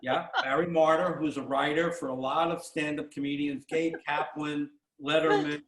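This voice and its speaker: A man in his sixties hosting a casual interview, telling stories in a rambling, halting way with many restarts. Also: on the high side, little pitch movement, a bit bright. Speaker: podcast host. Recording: roomy echo.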